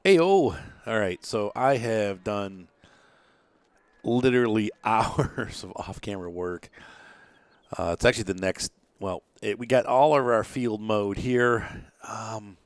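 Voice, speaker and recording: A man with a fairly low voice talks through his farming game session, thinking aloud as he goes. He rambles, restarts his sentences and fills pauses with ums and uhs. He sounds tired, as if fighting off yawns. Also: fairly even intonation, no room sound. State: tired, yawning. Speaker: gameplay commentator. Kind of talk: casual let's-play commentary.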